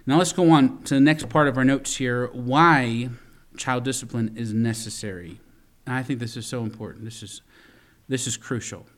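Man preaching with loud swings. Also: medium pitch. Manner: storytelling preacher, swings from loud emphasis to quiet asides; repeats words and restarts lines while preaching. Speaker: pastor. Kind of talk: sermon.

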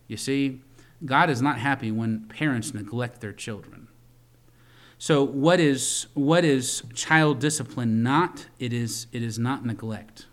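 A man preaching a sermon as pastor. He speaks earnestly, repeats words as he builds a point, and grows louder to stress it. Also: mid-range voice.

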